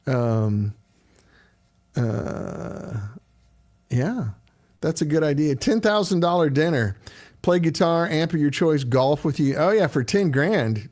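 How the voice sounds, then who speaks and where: A man's voice: a little high, darkish tone. A middle-aged man hosting a casual livestream, chatting loosely and greeting viewers by name as he answers their questions.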